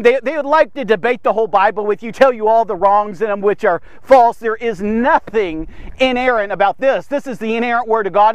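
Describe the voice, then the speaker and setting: A devotional podcast host with a high voice preaches informally and excitably, with no echo. Energetic, he punctuates points with "okay?" and acts out biblical figures in a raised voice.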